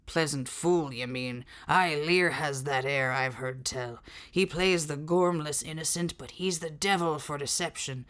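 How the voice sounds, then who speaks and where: A woman voicing a gruff, rough giant outlaw man who growls in rustic old speech. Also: deep voice, unhurried, a bit bright, pitched below the performer's own voice. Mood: gruff, suspicious.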